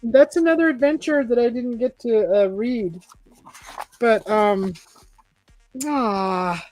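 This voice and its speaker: A woman's voice: fairly high pitch, slow, darkish tone, dry recording, faint music behind. A woman hosting a casual live-stream, reading a choose-your-own-adventure book aloud, chatting and laughing often.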